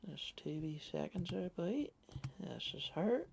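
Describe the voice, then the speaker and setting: A man's voice: high voice, lively intonation, measured pace, gravelly, a little mellow, breathy edge. A man, rambling on his own solo comedy podcast, sweary and self-mocking. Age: 30s.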